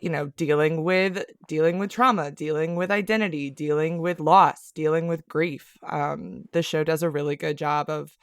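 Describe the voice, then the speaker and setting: A woman's voice: low-pitched, fairly even intonation, normal speed, few pauses, smooth, no echo, studio quality. A woman guest from California chatting on a podcast, laughing easily and rambling with fillers. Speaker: guest TV writer. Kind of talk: casual podcast chat. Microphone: remote mic.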